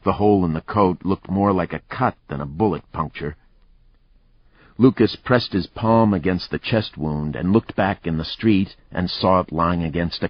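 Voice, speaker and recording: A man narrating a thriller audiobook in a measured, even storytelling manner. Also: low voice, husky, no room sound. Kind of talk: scripted narration. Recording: dry, slightly muffled recording.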